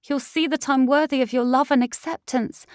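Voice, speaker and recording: A woman's voice: high voice, unhurried, dark tone, dry recording, clean studio sound, voice pushed up. A woman voicing a desperate young werewolf girl, pleading and tearful, in an audiobook. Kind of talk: audiobook character voice.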